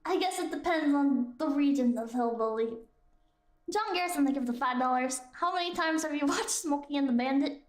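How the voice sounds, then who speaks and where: A woman's voice: high voice, brisk, roomy sound. A woman streamer hosting casual live chat, playful and giggly as she reads out messages. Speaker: streamer host.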